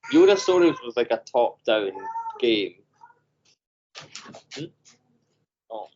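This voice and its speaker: A man co-hosting a podcast over a video call, telling animated stories and acting out voices. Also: medium pitch, takes it slowly, muffled recording, a little hiss or hum. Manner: animated storyteller, acts out voices. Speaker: podcast co-host. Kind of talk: casual chat.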